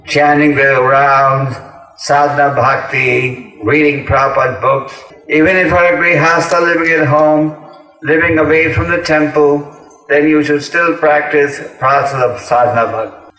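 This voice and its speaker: A man in his fifties, a spiritual teacher, giving a lecture and telling a story with lively voices for its characters. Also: a little high, measured pace. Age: 50s. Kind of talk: lecture to devotees. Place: temple hall in Moscow. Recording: echoey hall, speaker far from mic.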